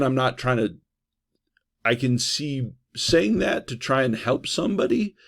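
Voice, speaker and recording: A man giving a trauma-response training lecture in a conversational way, often checking in with "right?" and pausing on "uh". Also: fairly low pitch, creaky. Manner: conversational, frequent "right?" and "uh" fillers.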